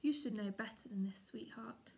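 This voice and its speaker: A gentle mother cat talks in a soft, reasonable, soothing way, read by a woman. The voice is gravelly and fairly high. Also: moderate pace.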